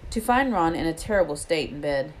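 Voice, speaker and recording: A woman reading a children's book aloud in a steady storytelling way, with small slips. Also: low voice, brisk, slight background noise. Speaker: reader.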